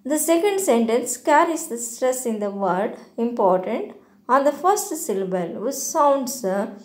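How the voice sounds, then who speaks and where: A woman teaching English word stress from slides, explaining slowly and deliberately with frequent hesitations. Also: on the high side. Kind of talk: slide-based grammar lesson.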